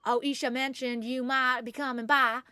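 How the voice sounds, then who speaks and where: A woman voicing a calm, thoughtful woman villager from a cozy game, reading her lines slowly and softly. The voice sits high and bright, with a dry, close sound. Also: smooth, no echo. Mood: measured. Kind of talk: reading game dialogue aloud.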